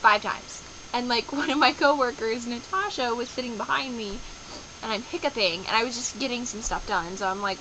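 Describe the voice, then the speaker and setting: A young adult woman chatting in a casual daily video diary, rambling and animated, dropping into playful voices as she tells stories. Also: on the high side, a little fast, background noise. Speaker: vlogger.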